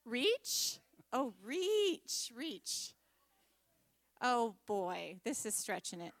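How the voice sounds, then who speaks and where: A woman's voice: fairly high pitch, big pitch swings, drawn-out words, no room sound. A woman leading a children's church lesson, upbeat and encouraging as she guides the kids through a memory verse. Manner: warm-hearted, upbeat teacher, leads group recitation. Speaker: children's ministry leader.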